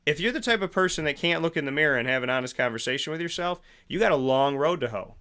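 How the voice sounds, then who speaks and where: This male host speaks quickly in a highish register, his intonation lively and his delivery pushed and bright. His morning monologue is a preachy pep talk full of rhetorical questions and phrases repeated for effect, and he acts out both parties in made-up exchanges.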